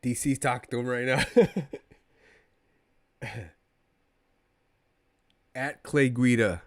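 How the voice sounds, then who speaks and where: A man giving casual live play-by-play of a fight to his stream viewers, rambling and excitable like a fan, talking to the chat between calls. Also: medium pitch, slow pace, no room sound, clean studio sound.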